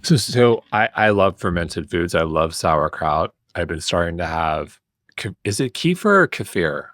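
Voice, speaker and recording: A man hosting a podcast, asking questions in a relaxed, conversational way and often repeating words as he starts. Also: low voice, unhurried, dry recording, studio quality. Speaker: podcast host. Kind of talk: casual podcast interview.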